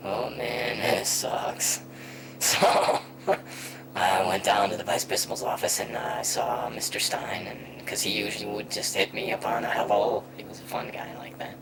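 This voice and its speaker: A man performing a wry comic monologue, drifting between whispers and loud bursts. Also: fairly low pitch, steady tone, moderate pace. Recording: noisy old video recording with hum.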